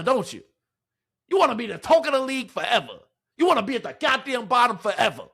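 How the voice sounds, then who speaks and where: A man's voice: extremely high pitch, sing-song, fast, gravelly, bright, forceful tone, husky. A man hosting a fan sports commentary show, ranting heatedly with profanity and rhetorical questions. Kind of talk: fan reaction rant.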